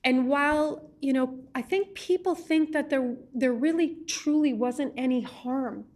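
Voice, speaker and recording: A woman on a legislative committee, questioning a witness in an impassioned, halting way, often repeating words as she speaks. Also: high-pitched, a little mellow.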